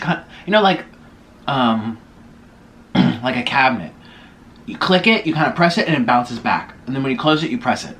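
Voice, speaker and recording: A young man at a table at home talks to his camera in a loose, rambling way, stopping now and then to eat. His voice sits at an ordinary middle pitch, with a faint hiss in the background. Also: fairly bright tone. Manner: chatty, rambling, with chewing and food noises between stories. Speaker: vlogger. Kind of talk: casual storytelling while eating on camera. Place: home room, sitting at a table.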